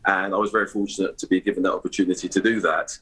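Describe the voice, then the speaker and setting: A middle-aged man from East London, England, appears as a guest and award ambassador in a live broadcast interview, talking hesitantly with many fillers and restarts. His low voice is flat, racing, a bit bright and slightly rough, heard through a low-quality recording.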